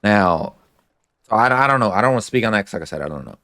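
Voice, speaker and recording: Speaking quickly and with animation, this man recaps a TV episode in a chatty way, filling his talk with "like"s as he retells scenes before giving his views. He has a fairly low, bright voice with a forceful tone, and there's no room sound. He's a show recap host.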